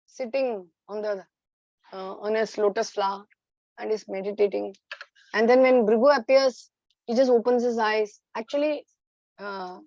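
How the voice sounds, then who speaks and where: A woman's voice: a little high, darkish tone, no echo, dull audio. A woman teacher telling a story to children in an online class, hesitant with many fillers.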